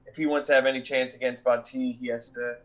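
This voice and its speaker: A man's voice: medium pitch, little pitch movement, fast. Hesitant man, slightly dull audio. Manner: hesitant, thoughtful, many fillers. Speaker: player. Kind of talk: describing his character's choices.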